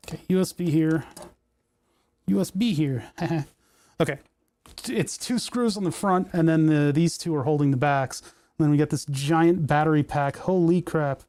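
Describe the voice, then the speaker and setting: A man chats casually on a livestream, thinking aloud in a rambling, self-deprecating way. His voice sits a bit high for a man, and the sound is close and dry. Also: darkish tone, dry recording. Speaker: livestream host. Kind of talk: casual livestream chat while repairing.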